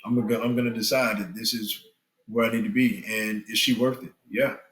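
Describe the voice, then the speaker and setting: A middle-aged man giving earnest relationship advice on a podcast, with animated, preacher-like emphasis. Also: fairly low pitch, fairly quick, echoey room, rough recording. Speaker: guest, spiritual father. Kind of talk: candid podcast conversation.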